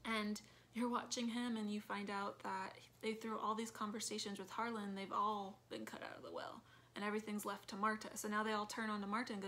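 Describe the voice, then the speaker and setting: A woman's voice: mid-range voice, flat delivery, fairly quick, a bit bright. A woman chatting casually in a movie review, retelling scenes with acted quotes and lots of fillers.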